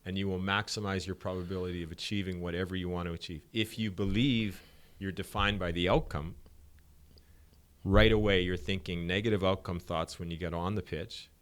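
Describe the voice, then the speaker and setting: Man, middle-aged, lowish voice, podcast guest, sport psychologist, animated storyteller. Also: fairly quick, clear, resonant tone. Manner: animated storyteller acting out dialogue. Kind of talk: podcast interview.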